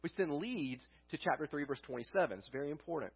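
Husky-voiced man preaching a sermon. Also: a little high, expressive, fast talker, dull audio. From United States. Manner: conversational preaching with rhetorical questions and restarts. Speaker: pastor. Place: church sanctuary.

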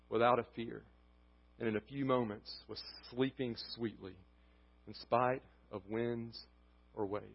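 A pastor preaching a sermon, impassioned, rising to near-shouts and dropping to hushed closings. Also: male voice, medium pitch, muffled recording. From United States. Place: church sanctuary.

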